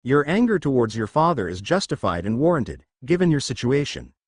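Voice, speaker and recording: A man voicing a calm, soothing middle-aged male doctor with a confident, measured manner in a storybook reading. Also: medium pitch, no room sound.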